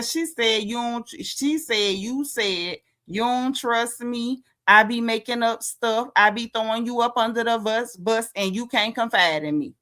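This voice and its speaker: Lady recapping reality tv, bright higher voice, acts out everybody's lines, lots of sass. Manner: animated storytelling, acts out quotes, frequent laughs.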